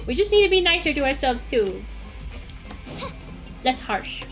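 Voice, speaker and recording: A young woman chatting casually while livestreaming a game, swinging between mumbled asides and loud squeals. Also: high-pitched, very animated, a little slow, faint music behind. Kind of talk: casual gaming stream chat.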